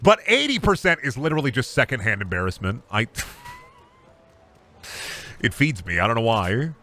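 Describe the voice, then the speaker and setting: A man's voice: mid-range voice, very animated, moderate pace, bright, forceful tone. A man streaming a game in casual, crude, goofy commentary, rambling between jokes and trash-talk at opponents.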